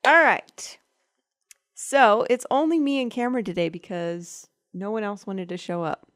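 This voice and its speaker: On her student radio talk show, a young Texan woman chats in a casual, rambling way, giggling whenever she cuts herself off. Her mid-range voice has a fairly bright tone, and she talks slowly, pausing often. The recording is dry and studio quality.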